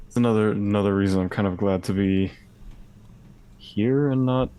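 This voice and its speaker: A man's voice: on the low side, normal speed, warm tone, clean tone. A man playing a tabletop game, laid-back and casual, who swears freely. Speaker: player. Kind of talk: casual play chat.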